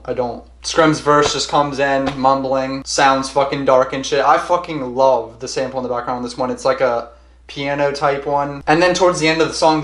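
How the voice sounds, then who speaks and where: A man's voice: mid-range voice, a bit bright. Rambling, swearing young male album reviewer. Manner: rambling, heavy swearing, repeats himself. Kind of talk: casual music review monologue. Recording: roomy echo.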